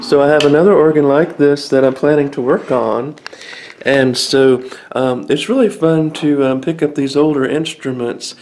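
With background organ music, a man casually shows off a small vintage organ in his vlog, rambling and using lots of fillers. His fairly high, darkish voice is fairly even in intonation and normal in speed. There's slight background noise, and the audio is poor.

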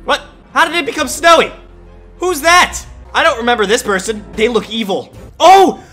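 A gaming YouTuber giving excited reaction commentary, chatty and reminiscing, bursting into shouts and exclamations. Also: high voice, normal speed, soft background music.

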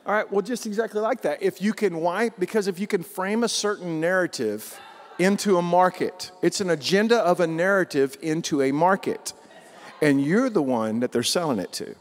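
A man's voice: high-pitched, animated, moderate pace, in a large hall. A man preaching a sermon as pastor, in a folksy, emphatic way full of rhetorical questions.

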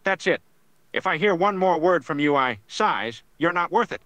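A computer voice reading a grumpy older man, bright and lively. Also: fairly high pitch, normal speed, no echo. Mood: scolding. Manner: scolding, bossy and easily annoyed. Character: grumpy older man who scorns modern rap. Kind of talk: text-to-speech chatbot character.

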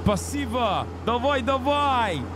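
Man putting on a mock-Russian patrol cop, boastful, raised and lively voice, loud sirens behind. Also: very high-pitched, slow, very noisy, pitched above the performer's own voice, full character voice. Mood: swaggering. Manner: swaggering, broken English, grandiose.

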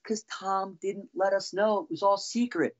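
A man's voice: high voice, fairly even intonation, unhurried, dull audio. A middle-aged man, a former band drummer, telling heated, profane stories as a podcast guest. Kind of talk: casual storytelling.

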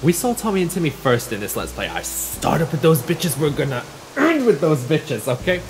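A man hosting a let's play, commenting in a sweary, animated way. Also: on the high side, normal speed, a little hiss or hum. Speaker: gaming channel host. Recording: roomy reverb with game music behind.

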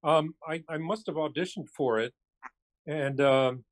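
A man's voice: a little high, measured pace. An older male actor, speaking on a cell phone as a podcast guest and recalling his career in an easygoing, reflective and wry way. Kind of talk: casual interview chat.

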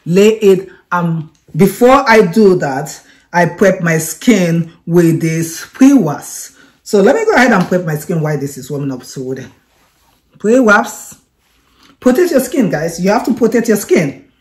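A woman reviewing a beauty product in a chatty, excitable vlog, often repeating herself as she demonstrates it. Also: on the low side, a little slow. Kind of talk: casual product demo vlog.

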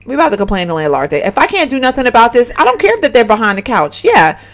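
A woman giving animated, exclaiming let's-play commentary and chatting straight to her viewers. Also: fairly high pitch, fast. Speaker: gaming channel host.

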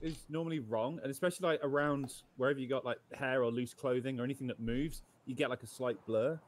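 A man's voice: mid-range voice, steady tone, fast. A man playing a game with a friend, chatty and keen to explain gun and tech trivia. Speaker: co-player. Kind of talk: casual gameplay chat.

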